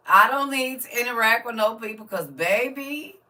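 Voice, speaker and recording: A middle-aged woman hosts a casual live stream, talking straight to her viewers. Her voice is bright and sharp, and she swings between soft, musing asides and loud, animated bursts, laughing often. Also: fairly high pitch, unhurried. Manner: chatty, laughs often, addresses viewers directly. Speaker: livestream host.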